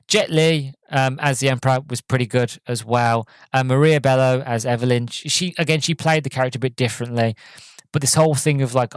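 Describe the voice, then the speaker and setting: A man's voice: medium pitch, brisk, smooth, dry recording. Man rambling through a film review. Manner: rambling, many fillers and restarts. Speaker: podcast host. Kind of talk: casual movie review chat.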